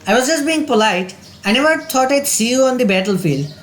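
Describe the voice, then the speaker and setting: A man's voice: very high voice, lively intonation, fairly quick, a bit bright. A man voicing a timid, crybaby young female archer in a game's dialogue, read in a meek, whiny way.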